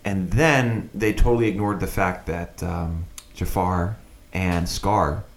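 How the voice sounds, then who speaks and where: A man's voice: low voice, steady tone, slow pace. A man in casual chat, ranting with strong opinions and mocking impressions. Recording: echoey room.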